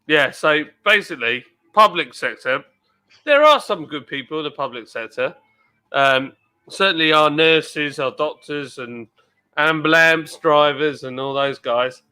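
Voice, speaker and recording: Wry man with a bright, higher voice. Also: animated, unhurried, clear, resonant tone. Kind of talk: casual chat.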